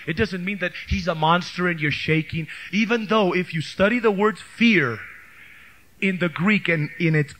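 A male pastor preaching a bilingual sermon, switching between English and Spanish and building to shouted praise, on an old cassette tape recording. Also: fairly high pitch. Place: church youth camp service.

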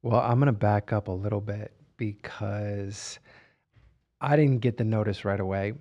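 A middle-aged man co-hosting a podcast, recounting events in casual conversation with halting restarts. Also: on the low side, steady tone, mellow, dull audio. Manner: halting, with repeated starts. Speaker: podcast co-host.

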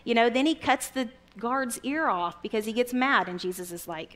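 Woman preacher, conversational sermon, fairly high voice, animated storytelling with quoted voices. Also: moderate pace. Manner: chatty, retells Bible stories with quoted voices.

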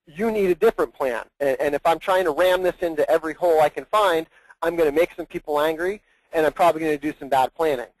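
A man with a somewhat high voice explains an administrative process on a training call. He is earnest and thorough, often doubling back on his words, and the sound is dry and close. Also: fast talker, no echo, low-quality recording. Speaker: plan administrator guest.

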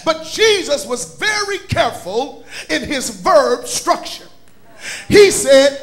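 A man, a bishop, preaching a sermon at a church conference in a chanting, shouted cadence that drops to quiet teaching. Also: very high-pitched, big pitch swings, takes it slowly. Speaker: bishop and pastor. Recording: live church recording with faint music and crowd.

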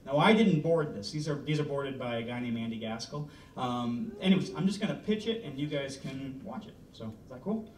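A man from Canada, a film director, pitching a story to an audience in a loose, joking, casually swearing way. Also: expressive, fairly quick, darkish tone. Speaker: film director giving a talk. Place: presentation room. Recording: roomy, from far off, faint rumble.

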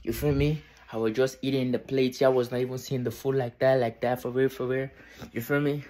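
A tired young man vlogging from his bedroom at night, keeping his voice low and repeating himself. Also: level tone, fairly quick. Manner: tired, quiet near-whisper, repetitive. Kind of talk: casual vlog talk to camera.

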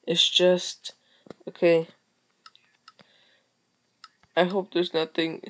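Slow-talking young woman gamer. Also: on the low side. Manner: excitable, exclaims and mutters to herself. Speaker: gaming video creator. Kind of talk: game commentary.

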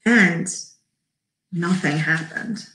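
Slow, animated woman reading a storybook. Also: on the low side, slight background noise. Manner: animated, does character voices, pauses to talk to kids. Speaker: children's librarian. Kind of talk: storybook read-aloud. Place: library room. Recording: echoey room.

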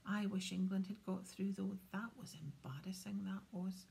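A blunt, gloomy young wizard grumbling about sport in a whispered role-play storybook, whispered by a woman reader. The hush is mellow and slightly gravelly. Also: mid-range voice, flat delivery, normal speed.

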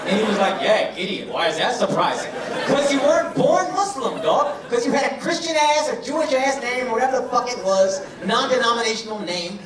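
A male stand-up comedian doing crowd work, brash and profane, teasing people in the audience. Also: extremely high pitch. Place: comedy club stage. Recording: echoey club from a distance, loud crowd. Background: crowd laughter.

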